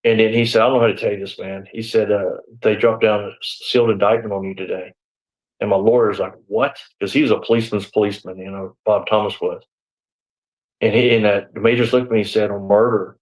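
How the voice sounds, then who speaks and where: A man in his sixties who used to be a deputy recounts his story during a live interview, speaking fairly quickly in a lowish, steady voice. The recording is rough. He wanders off track a bit, relies on "you know" and "man," and voices the back-and-forth of those he quotes.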